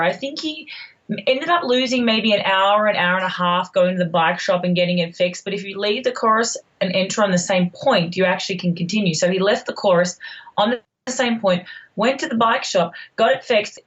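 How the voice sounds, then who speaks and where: A woman's voice: mid-range voice, fairly bright tone. Conversational woman with a slightly dull sound. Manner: conversational, fills in the details. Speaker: former triathlete and co-host. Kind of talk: podcast conversation.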